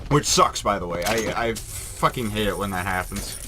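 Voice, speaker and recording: A man's voice: lowish voice, lively intonation, moderate pace, bright, forceful tone, a little hiss or hum. A man giving casual, rambling Let's Play commentary, joking and swearing freely. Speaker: game commentator.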